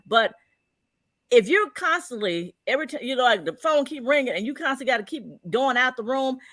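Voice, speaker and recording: A woman co-hosting a casual relationship panel discussion, chatty and animated, full of fillers and restarts. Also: high-pitched, a little fast, no room sound.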